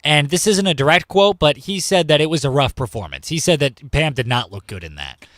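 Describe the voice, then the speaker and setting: A man hosts a morning news talk show, chatting casually with his co-hosts between clips. His voice sits a bit high, and the studio sound is close and dry. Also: lively intonation, a little fast, fairly bright tone, dry recording. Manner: conversational, reads listener prompts. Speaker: radio news host. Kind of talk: casual talk radio chat.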